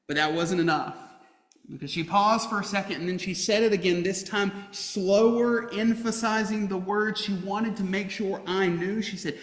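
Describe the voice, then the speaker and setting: A man preaching a sermon as a pastor, telling a family story with humor and lively emphasis. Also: sits high, normal speed. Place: church sanctuary. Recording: roomy church hall reverb.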